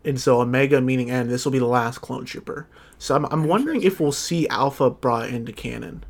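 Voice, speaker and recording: A young man runs a podcast in loose, joking talk, swearing freely and tripping over his own words. His voice sits at an ordinary male pitch. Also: brisk, gravelly. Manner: loose, profane, laughing, stumbles over words. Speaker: podcast host. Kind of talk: casual podcast chat.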